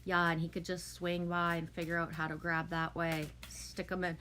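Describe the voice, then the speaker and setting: A woman with a fairly low voice hosts a casual livestream. She chats with her audience and answers their comments in a warm, emotional way. A faint background noise sits under her voice. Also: flat delivery, moderate pace. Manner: chatty, emotional, reads and answers viewer comments. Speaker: livestream host. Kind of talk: casual chat with a live audience.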